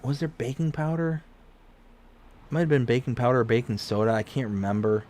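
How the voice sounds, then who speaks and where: Chatting a little fast on his live stream, a Michigan man in his forties meanders along while playing a farming game. When he gets excited, his pitch shoots up.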